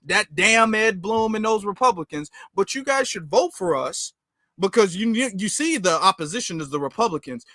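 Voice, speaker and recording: Casting: sarcastic male host, high and bright, dry close sound. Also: big pitch swings, normal speed, no room sound. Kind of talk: casual political discussion.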